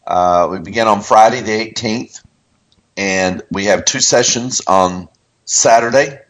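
A man with a very low voice co-hosts a faith talk show. He speaks slowly in a folksy, easygoing way, with frequent chuckles. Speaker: co-host, ministry leader. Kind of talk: casual radio chat.

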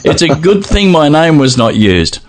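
एक आदमी, पॉडकास्ट होस्ट, जोशीले उतार-चढ़ाव वाली आवाज़ में हँसते हुए बात करता है।. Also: male voice, on the high side, moderate pace, slight background noise. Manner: animated, laughing, reads messages aloud. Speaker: podcast host. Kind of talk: casual podcast chat.

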